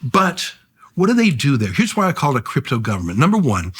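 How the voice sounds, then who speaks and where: A man as an interview guest, talking in a quick, wry, punchy way with deadpan jokes. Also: mid-range voice, husky. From Canada. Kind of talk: conversational interview.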